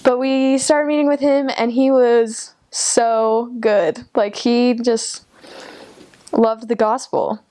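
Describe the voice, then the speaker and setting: A woman's voice: on the high side, steady tone, slow, mellow. A young woman, a returned missionary, casually telling a personal story in an interview, chatty, with frequent fillers and little laughs. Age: young adult.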